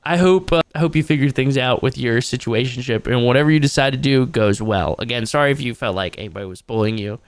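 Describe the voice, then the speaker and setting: Gravelly man reacting live. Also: mid-range voice, fast, few pauses, no echo. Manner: crude, joking, talks to chat. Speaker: streamer reacting to a video. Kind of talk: casual live-stream reaction.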